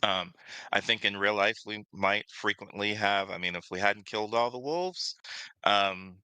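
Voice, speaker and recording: Man, podcast co-host, very bright tone, dry close sound, hesitant, lots of ums. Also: fairly low pitch, normal speed, clean tone, dry recording, poor audio. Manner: hesitant, many fillers and restarts. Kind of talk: casual discussion.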